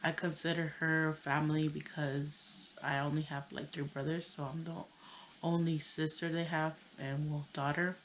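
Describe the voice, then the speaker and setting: A woman in her thirties telling a personal story on her channel, tearful and halting, with many pauses and fillers. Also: low-pitched, little pitch movement, slight background noise, low-quality recording. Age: 30s. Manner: hesitant, halting, full of "you know". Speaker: vlogger.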